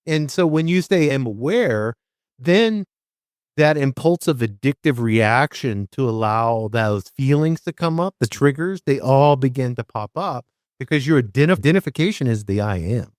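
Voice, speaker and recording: In a clean, dry studio recording, a man hosts a casual spiritual conversation about recovery. His medium-pitched, darkish voice has lively intonation at normal speed, and he talks emphatically, swears freely and acts out the voices in his head.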